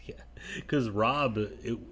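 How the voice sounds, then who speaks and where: A man's voice: on the low side, takes it slowly, fairly bright tone. A man from co-hosting a casual podcast, teasing his friends in a jokey way. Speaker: podcast co-host. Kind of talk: casual chat.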